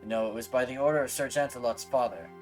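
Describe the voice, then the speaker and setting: A man voicing a grumbling low-born soldier from a game, reading in a rough, folksy, low-key manner. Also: quick pace, faint music behind, close to an everyday voice. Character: grumbling common male soldier.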